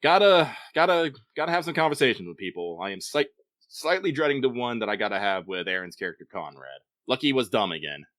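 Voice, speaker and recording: Bright, dry-sounding man rambling and swearing. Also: mid-range voice, sing-song, fairly quick, no room sound. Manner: talks in long, swearing, self-correcting runs. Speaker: podcast co-host. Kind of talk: casual podcast chat.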